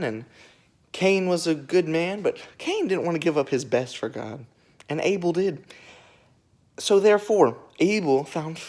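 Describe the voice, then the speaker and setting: A young video creator retelling Bible stories as comedy, rambling through jokes and side remarks. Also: mid-range voice. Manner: rambling, joking, animated asides.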